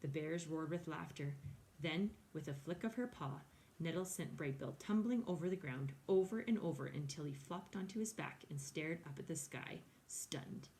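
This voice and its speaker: Low-voiced woman reading a storybook. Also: normal speed, darkish tone, slight background noise. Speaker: reader. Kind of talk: reading a children's novel aloud.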